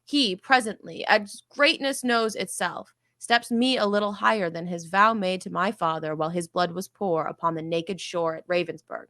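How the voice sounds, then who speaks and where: A woman's voice: fairly low pitch, steady tone, moderate pace, hardly any pauses, sharp tone, no room sound. A woman reading the verse of a hot-headed young male rebel lord, delivering his long list of grievances in a heated rush. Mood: indignant.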